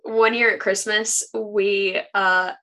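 A woman's voice: mid-range voice, level tone, slow pace, bright, forceful tone. A woman co-hosting a casual book podcast, emphatic and exasperated, often self-deprecating. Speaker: podcast co-host.

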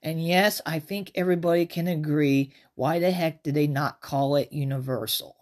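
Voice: medium pitch, fairly even intonation, normal speed, darkish tone. A podcast host chats through a movie review in a loose, unscripted way. Sentences ramble and restart as thoughts come. The delivery sounds informal and conversational. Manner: rambling, self-interrupting, chatty.

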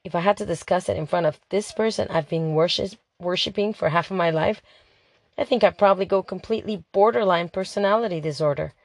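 A woman's voice: lowish voice, a little fast, dry recording. Woman narrating a chatty diary. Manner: chatty, dramatic, exasperated. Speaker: audiobook narrator. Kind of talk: first-person diary narration.

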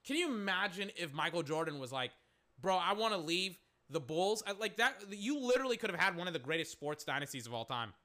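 A man's voice: high-pitched, very animated, fast, few pauses, sharp tone. A young man rambling through a casual, profane solo sports talk show as its host. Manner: rambling, profane, restarts a lot.

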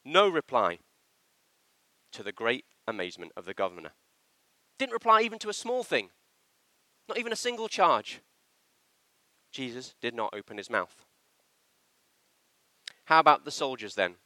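A man preaching a sermon in a church, with an animated, emphatic delivery that slips into acted quotations. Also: medium pitch, normal speed, long pauses, no room sound.

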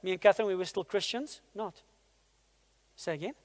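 High-voiced pastor preaching. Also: male voice, a little fast. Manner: energetic, asks the congregation rhetorical questions. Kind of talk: sermon. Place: church hall. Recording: long hall reverb in a church.

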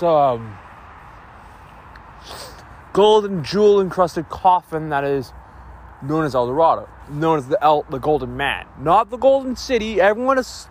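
A man recapping a film in a casual, rambling way, an excitable fan with many fillers. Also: high-pitched. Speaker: video creator recapping a film. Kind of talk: casual movie recap and reaction.

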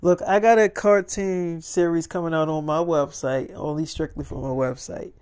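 A man's voice: a little high, fairly even intonation, normal speed, darkish tone, clean tone. A man telling a long, rambling first-person story in casual, profane slang.

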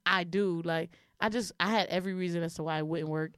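Animated, profane woman telling a story. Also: lowish voice, fast talker, clean tone, no echo, studio quality. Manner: animated, profane, acts out quoted voices. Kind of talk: casual storytelling chat.

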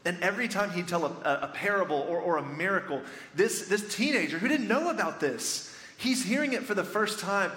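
Animated, forceful preaching man. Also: high-pitched, a little fast. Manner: animated storytelling, excitable. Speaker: pastor. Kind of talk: sermon. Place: church sanctuary. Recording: echoey church hall with reverb, faint ambience.

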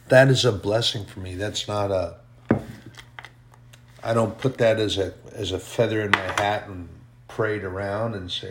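A man's voice: on the low side, normal speed, vocal fry. A man preaching a fervent sermon on his own podcast, repeating phrases for emphasis.

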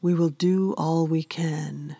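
A woman narrator voicing a young male warrior in a fantasy storybook, speaking gently and soberly. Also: sits low, steady tone, takes it slowly, vocal fry, faint music behind, exaggerated voice.

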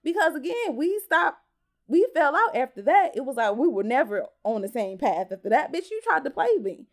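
High-voiced woman ranting on her podcast. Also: moderate pace. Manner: profane, animated, talks straight to listeners as y'all. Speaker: podcast host. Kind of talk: casual storytime rant.

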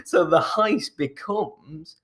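A man's voice: sits high, slow, fairly bright tone, slight background noise. Rambling man retelling a film plot. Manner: rambling, restarts often, chuckles while telling.

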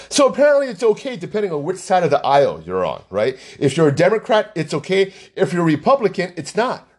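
A man's voice: sits high, huge pitch swings, fast talker, few pauses, a little mellow. A man ranting about politics in an agitated, angry way, often repeating himself. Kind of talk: heated political rant.

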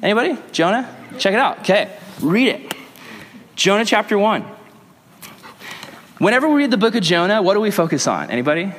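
A young adult man, a youth pastor, reading scripture aloud and teaching a group in an energetic, joking, slangy way. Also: sits high, fairly quick, pauses often, slight background noise. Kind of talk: casual Bible teaching to a group. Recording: long echo of a large hall.

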